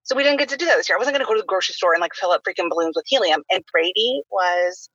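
Woman, 30s, podcast host, casual chat, rapid talk, lots of "like" fillers, dull lo-fi audio. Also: medium pitch, expressive, fairly bright tone, breathy edge, no echo. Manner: chatty, heavy use of "like" fillers. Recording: dull lo-fi sound.

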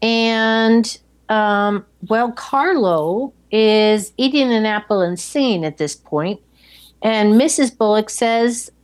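A woman's voice: on the high side, slow pace. A woman chatting casually, summarizing a film's plot step by step. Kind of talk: casual chat retelling a film.

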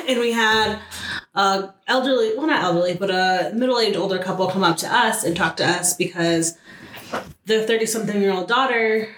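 Casting: woman, mid-pitch, quick and supportive, echoey room with light hiss. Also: fairly bright tone. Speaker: podcast co-host. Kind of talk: casual chat. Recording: echoey room with faint noise.

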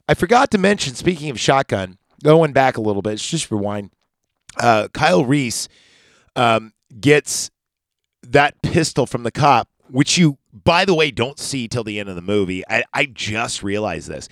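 A man's voice: mid-range voice, animated, normal speed, no room sound, studio quality. A man hosting a casual podcast, recapping a movie from memory with profane, rambling rants and asides. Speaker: podcast host.

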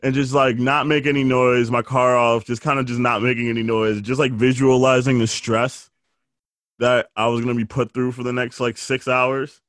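A man's voice: medium pitch, little pitch movement, moderate pace, fairly bright tone, no echo. Teasing man in dry casual chat. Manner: rambling, teasing, laughs often.

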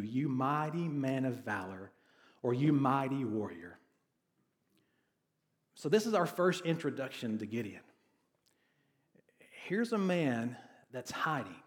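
A male pastor preaching a conversational sermon who reads scripture and keeps asking his congregation questions. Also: mid-range voice. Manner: conversational, asks the congregation questions, sarcastic asides.

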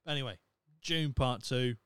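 A man's voice: mid-range voice, normal speed, a bit bright, smooth, no echo, clean studio sound. A young man hosting a solo podcast, talking in a blunt, sweary, opinionated way. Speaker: podcast host. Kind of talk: casual solo podcast rant.

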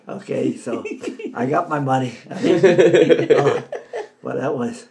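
An older Boston-area veteran tells casual war stories from his army days, animated and often laughing as he shouts out the lines he quotes. His mid-range voice is gravelly and a little slow.

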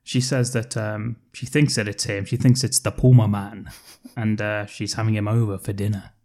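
A man's voice: fairly low pitch, flat delivery, normal speed, gravelly, dark tone. A man co-hosting a podcast, recapping a film in casual chat, swearing and laughing often and putting on voices for the characters. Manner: sweary, giggly, acts out quotes in funny voices. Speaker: podcast co-host. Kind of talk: casual comedic movie recap.

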